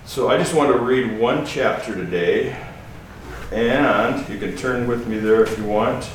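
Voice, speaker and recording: A man giving an informal, halting sermon with asides, as a guest preacher. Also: mid-range voice. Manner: conversational, halting, with restarts and asides. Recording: echoey hall from a distance with faint noise.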